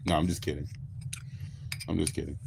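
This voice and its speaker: A man's voice: very deep voice, level tone, moderate pace, creaky, darkish tone, a little hiss or hum. An American man chatting casually on a livestream with viewers, rambling, laid-back and swearing freely. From United States. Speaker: livestream host.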